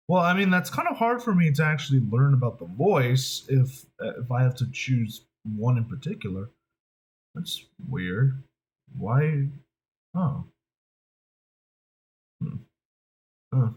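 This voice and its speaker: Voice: medium pitch, big pitch swings, takes it slowly, long pauses, darkish tone, low-quality recording. A voice actor chatting casually to camera, rambling and restarting sentences while thinking aloud. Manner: rambling, hesitant, with many restarts.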